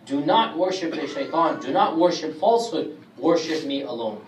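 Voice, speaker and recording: A man gives an emphatic scripture lecture, reciting Arabic verses at speed in a slightly high voice. He stands away from the microphone in an echoey room, with a faint hiss behind him. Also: animated, normal speed, far from the mic. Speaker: Islamic teacher giving Quran commentary.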